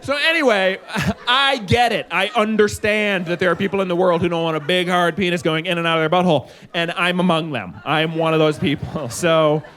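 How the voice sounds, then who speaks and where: A man in his forties doing a live stand-up set on a stage, rambling loosely and jumping into shrill acted quotes. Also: brisk, fairly bright tone. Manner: loose, rambling delivery with sudden high-pitched acted quotes. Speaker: stand-up comedian. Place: stage at a live comedy show.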